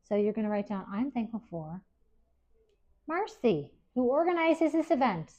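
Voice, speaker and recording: A woman presenting a workshop to a live audience at an expo, speaking gently and encouragingly. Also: fairly high pitch, very animated, moderate pace. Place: event hall with live audience. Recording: dull lo-fi recording.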